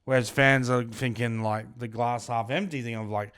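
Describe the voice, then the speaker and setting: A relaxed man chatting as a podcast co-host, trading jokes and rambling with easy fillers. His voice is smooth and resonant, recorded close and dry with no room sound. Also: mid-range voice, normal speed, dry recording. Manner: chatty, jokey, loose fillers. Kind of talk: casual chat.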